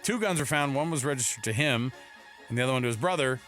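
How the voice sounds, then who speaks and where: Joking, bright-voiced male radio host. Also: mid-range voice, expressive, fast talker, soft background music. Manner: joking, playful, does voices. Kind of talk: casual sports talk radio. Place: radio studio.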